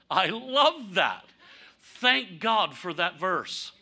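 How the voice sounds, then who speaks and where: A man preaching a conversational sermon, candid and humorous, asking rhetorical questions and swinging from punchy lines to near-quiet asides. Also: sits high, very slow, slightly rough. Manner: animated, rhetorical questions, sudden drops to quiet; candid, self-deprecating humor. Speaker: pastor.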